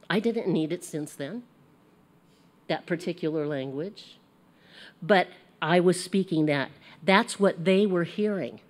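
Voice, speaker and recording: An American woman teaching a casual Bible lesson, chatty and animated, laughing at herself as she goes. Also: fairly low pitch.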